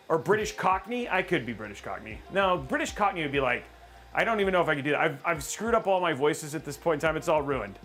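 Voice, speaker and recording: A man hosting a casual livestream, rambling and excitable, joking about himself. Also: high-pitched, brisk, faint music behind. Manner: excitable, rambling, self-mocking. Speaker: livestream host.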